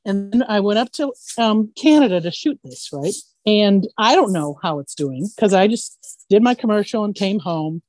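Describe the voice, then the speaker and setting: A woman voice actress who tells animated stories in a casual interview and keeps asking "right?". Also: medium pitch, moderate pace, no room sound. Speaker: voice actress guest.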